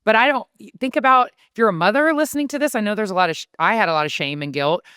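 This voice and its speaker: Animated woman guest telling stories. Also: medium pitch, racing, smooth, dry recording, studio quality. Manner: animated storyteller, acts out quoted voices. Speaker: podcast guest, author. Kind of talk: casual podcast conversation.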